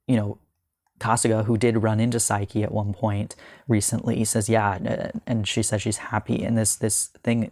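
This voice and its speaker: In a casual manga review, this young vlogger talks earnestly but haltingly, full of ums and restarts, easing into a slower, softer delivery at emotional moments. The lowish voice comes through a dry, studio-quality recording.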